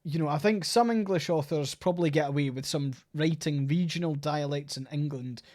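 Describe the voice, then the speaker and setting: A man's voice: fairly high pitch, fairly quick, a little mellow. A Scottish man co-hosting a podcast in casual, rambling chat, swearing now and then and saying "like" a lot. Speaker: podcast co-host.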